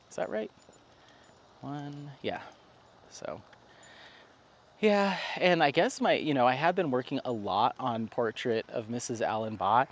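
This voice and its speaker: A man's voice: medium pitch, a little hiss or hum. Chatty man vlogging outdoors in town. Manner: rambling, chatty, frequent fillers and laughs. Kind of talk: casual walking vlog.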